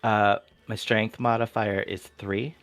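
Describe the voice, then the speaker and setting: A man's voice: lowish voice, little pitch movement, unhurried, a bit bright, soft background music. A man playing a tabletop game, describing his character's actions hesitantly and with many fillers. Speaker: player.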